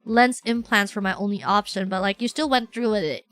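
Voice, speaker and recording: Chatty young woman streamer, bright voice. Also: mid-range voice, a little fast, dry recording, faint music behind. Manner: chatty, rambling, animated storytelling with many fillers. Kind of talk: casual chat.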